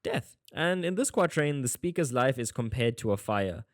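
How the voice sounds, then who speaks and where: A man's voice: medium pitch, animated, moderate pace, dry recording, studio quality. A man teaching an exam-prep poetry lesson in a casual, jokey way, often veering off on tangents. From South Africa. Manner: chatty, jokey, prone to tangents. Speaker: online tutor.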